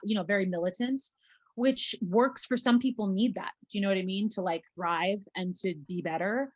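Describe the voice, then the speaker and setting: A woman's voice: medium pitch, brisk, dull audio. Chatty woman telling an anecdote. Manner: chatty, rambling, full of fillers and self-corrections. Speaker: former classmate, alumna. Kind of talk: casual storytelling conversation.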